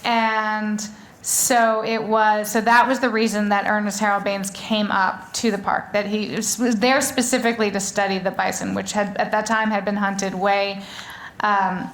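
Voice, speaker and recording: Flat in delivery and medium in pitch, a woman author talks on stage to an audience at a moderate pace. It's a live conversation, and she rambles chattily, restarting often and leaning on lots of fillers.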